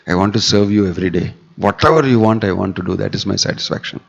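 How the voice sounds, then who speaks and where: A man voicing a humble, devoted young queen who speaks softly to her husband, in a dull, echoey hall. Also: fairly low pitch, fast talker, vocal fry.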